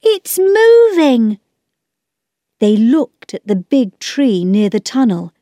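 A woman reads a children's storybook aloud at an unhurried pace, clear and measured. Her pitch moves a lot, and the recording sounds dry and close. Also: lively intonation, mellow, no room sound. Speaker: narrator. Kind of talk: storybook reading.

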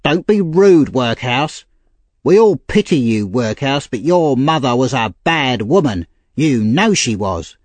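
A man's voice: medium pitch, big pitch swings, measured pace, darkish tone, dry recording. A man voicing a whiny, cowardly teenage boy who pleads shrilly, for a storybook reading. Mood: taunting.

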